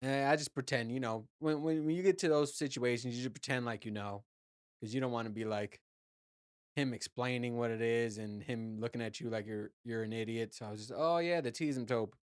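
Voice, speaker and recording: A podcast host with a medium-pitched, fairly even voice talks a little fast, his tone clear and resonant in a clean studio with no echo. Raised in Puerto Rico, he chats casually with listeners, telling a rambling, profane story and laughing at himself, his ears still clogged after diving.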